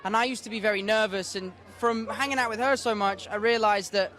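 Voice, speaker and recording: A man's voice: high voice, steady tone, a little fast, pushed and bright. A man with an English accent answering interview questions in a reflective, easygoing way.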